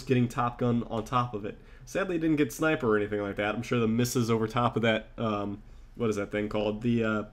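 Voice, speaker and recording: A man giving casual, rambling commentary over his own gameplay, excited and full of fillers. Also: medium pitch. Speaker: gaming commentator.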